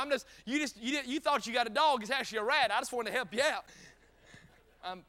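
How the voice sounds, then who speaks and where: This revival sermon comes from a middle-aged man with a Southern North Carolina accent whose voice is very high-pitched and fast. He's folksy and full of stories and jokes, building to shouted peaks.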